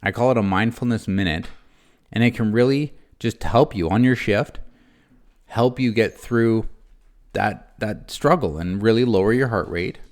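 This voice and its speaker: A man with a lowish voice hosts a motivational podcast, speaking earnestly and encouragingly straight to the listener. His delivery is conversational, full of tag questions and small restarts. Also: unhurried. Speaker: podcast host, former prison guard.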